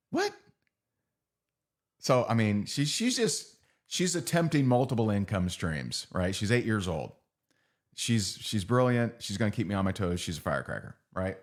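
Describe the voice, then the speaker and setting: A man's voice: on the low side, big pitch swings, normal speed. A middle-aged man giving a motivational training talk. He speaks conversationally, repeats phrases and keeps asking his audience "right?".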